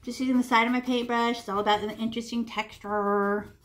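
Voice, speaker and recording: A woman with a fairly high voice teaches children to paint. She talks them through each stroke in an animated, playful way, dropping in little sound effects and sing-song noises as she goes. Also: fairly quick. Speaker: art teacher.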